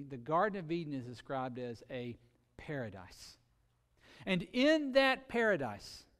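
A man preaching a sermon earnestly, with sudden shifts between loud emphasis and quiet, drawn-out words. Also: fairly high pitch, big-room sound. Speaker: pastor.

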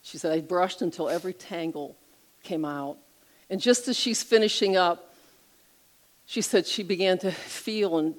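A middle-aged woman retelling an inspirational story on a Christian talk show, expressive and lively as she narrates. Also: lowish voice, rough recording.

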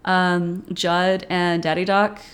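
A woman's voice: fairly low pitch, little pitch movement, slow pace. A woman co-hosting a podcast, chatting casually about a horror film and laughing often. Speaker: podcast co-host.

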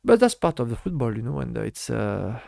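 Gravelly French-accented man, halting English. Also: mid-range voice, sing-song, warm tone, no room sound, studio quality. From France. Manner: halting non-native English with many fillers. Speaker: former footballer guest. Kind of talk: casual interview.

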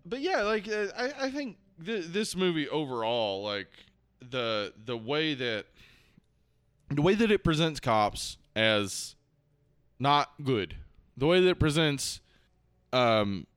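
A man's voice: fairly high pitch, sing-song, slow pace, a bit bright, smooth, no room sound. A man co-hosting a podcast, talking through a film in a casual, rambling way with many fillers and restarts. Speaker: podcast co-host. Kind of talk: casual movie discussion.

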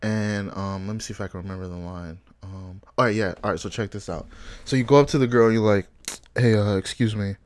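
A young man from Africa telling animated stories in casual chat, laughing often and acting out the quotes. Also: on the low side, fast talker.

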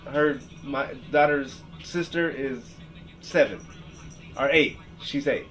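A man's voice: medium pitch, slow, a bit bright, rough recording. A man in his thirties from Seattle hosting a podcast, ranting with heavy profanity, rambling and reading his text messages aloud. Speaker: podcast host. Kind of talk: emotional rant.

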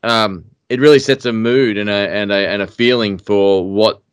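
A man's voice: lowish voice, steady tone, normal speed, clear, resonant tone, no echo. A man hosting a casual podcast interview, chatty and joking, with mock-formal introductions. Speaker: podcast host.

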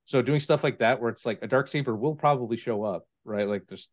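Talking a little fast in a mid-range voice, a US East Coast podcast host chats casually about tabletop gaming. His storytelling rambles and stays animated, full of fillers and restarted sentences.

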